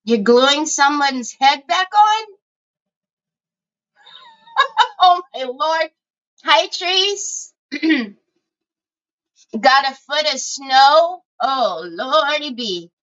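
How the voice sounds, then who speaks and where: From her home desk, a middle-aged woman from Northern California leads a craft livestream, speaking slowly in a sing-song, fairly bright voice and greeting viewers by name. Her cold makes her sound squeaky and hoarse, she clears her throat often, and the audio is dull.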